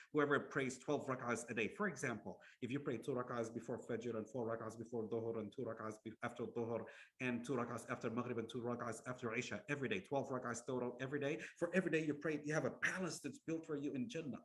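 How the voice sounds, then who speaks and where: A man preaching a sermon as a story, acting out voices and often repeating words as he goes. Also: medium pitch. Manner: animated, acts out characters in the story. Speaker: Islamic preacher.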